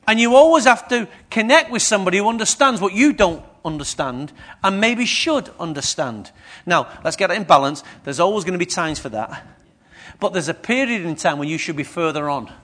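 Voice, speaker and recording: A man's voice: high-pitched, lively intonation, fairly quick, fairly bright tone. A man preaching a sermon, questioning his congregation as he goes.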